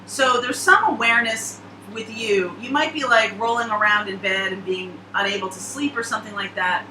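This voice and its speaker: A woman's voice: a little high, moderate pace, pushed and bright, roomy sound, slight background noise, rough recording. A woman giving a casual, chatty tarot reading, laughing and rambling through asides. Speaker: tarot reader.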